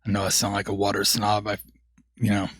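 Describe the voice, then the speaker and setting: A man with a deep, raspy voice, chatting eagerly as a podcast guest. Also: completely flat delivery, a little fast, fairly bright tone, no room sound, clean studio sound. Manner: enthusiastic, laughs easily. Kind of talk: casual podcast chat.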